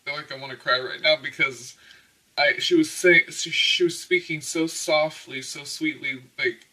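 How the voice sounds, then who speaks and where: A man with a very bright, sharp-edged voice talks his way loosely through a tarot reading, tossing in "okay?" between thoughts. His voice sits a little away from the mic. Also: a little high, fairly even intonation, moderate pace, distant mic, rough recording. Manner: rambling, peppered with "okay?" and laughs. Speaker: tarot reader. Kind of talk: casual spiritual tarot reading.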